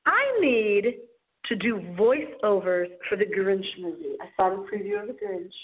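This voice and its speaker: A woman's voice: mid-range voice, expressive, unhurried, breathy edge. Playful woman host on a tinny phone line. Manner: theatrical, playful, giggly storyteller. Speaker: radio show host. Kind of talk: casual late-night radio monologue.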